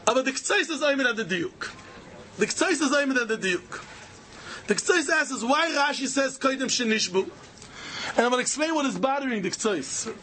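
High, bright male lecturer. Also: normal speed, a little hiss or hum. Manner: animated, repeats phrases, mixes Yiddish and Hebrew terms. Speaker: Talmud teacher. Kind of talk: yeshiva-style Talmud lecture.

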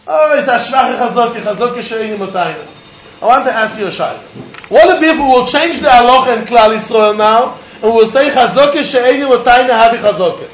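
A man's voice: very high voice, highs cut off, slight background noise. A man teaching a Talmud lecture, posing rhetorical questions and chuckling as he argues. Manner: poses rhetorical questions, chuckles while arguing. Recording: roomy echo.

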